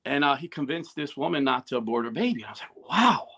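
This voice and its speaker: A man's voice: mid-range voice, fast talker, fairly bright tone. A man tells stories in a casual interview and acts out the quoted dialogue. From New Jersey. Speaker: guest, YouTuber. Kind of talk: casual storytelling.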